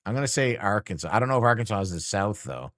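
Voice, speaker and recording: A man's voice: on the low side, very animated, quick pace, a bit bright, no room sound, clean studio sound. A man streamer chatting casually and teasingly with his chat while playing a game, rambling and joking.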